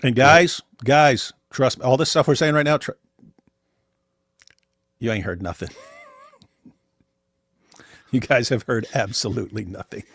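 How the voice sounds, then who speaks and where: A man's voice: medium pitch, a little slow, long pauses, fairly bright tone, no echo, studio quality. A man hosting a livestream, talking in casual commentary, emphatic and repeating words as he keeps addressing his audience. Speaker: livestream host.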